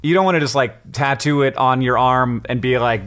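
A man co-hosting a podcast, chatting playfully with his brother, laughing often and tossing in quick asides. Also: mid-range voice, fairly bright tone. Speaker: podcast co-host. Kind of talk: casual chat with brother, reading listener questions.

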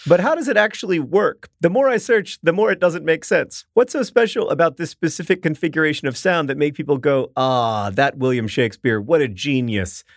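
A man's voice: on the high side, lively intonation, brisk, hardly any pauses, no room sound. Wry rambling man, dry studio sound. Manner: wry, rambling, laughs easily. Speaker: podcast co-host. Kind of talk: casual chat.

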